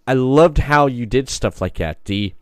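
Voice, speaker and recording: A man's voice: mid-range voice, expressive, measured pace, no echo, clean studio sound. A man hosting a podcast interview, enthusiastic and rambling, with lots of restarts. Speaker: podcast host. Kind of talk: casual interview chat.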